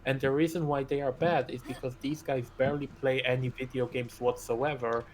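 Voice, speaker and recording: A man's voice: medium pitch, steady tone, moderate pace, background noise. A man co-hosting a casual gaming stream, ranting with heavy profanity and strong opinions.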